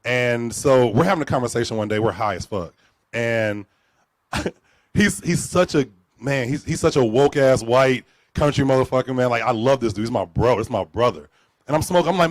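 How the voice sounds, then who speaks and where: A man telling a story live on stage at a storytelling event, profane and animated, acting out both sides of a conversation. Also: medium pitch, normal speed, no room sound. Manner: animated, profane, acts out dialogue.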